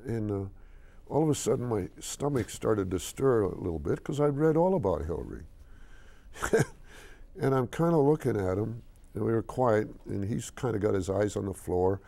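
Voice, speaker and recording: Gravelly low-voiced older man telling a story. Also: moderate pace. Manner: animated storyteller, hesitant with restarts; acts out quoted voices. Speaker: interview guest, company chairman. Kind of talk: storytelling in a TV interview.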